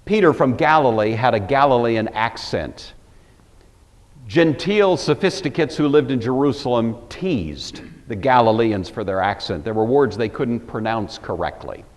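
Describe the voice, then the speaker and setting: A man's voice: mid-range voice, expressive, normal speed, long reverb tail. An older man from the Pacific Northwest giving an earnest, emphatic Bible lecture with wry asides, in a plain Pacific Northwest American accent. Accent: Pacific Northwest American English. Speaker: Bible teacher.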